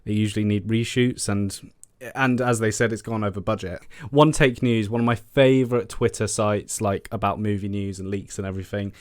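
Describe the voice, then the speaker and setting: A man's voice: fairly low pitch, steady tone, normal speed, no echo, clean studio sound. A man, a film news vlogger, ranting in a casual, exasperated way, swearing often and repeating himself.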